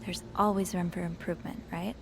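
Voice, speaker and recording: An actress playing a nosy young hotel maid turned detective in a thriller game, muttering wry asides to herself. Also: female voice, on the low side, fairly even intonation, fairly quick, creaky, background noise. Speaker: game protagonist. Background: game music.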